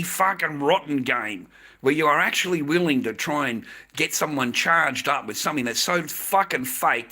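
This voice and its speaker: A man's voice: a little high, sharp tone. Swearing, ranting Australian man. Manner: swearing, heated, repeats himself. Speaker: livestreamer. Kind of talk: angry livestream rant.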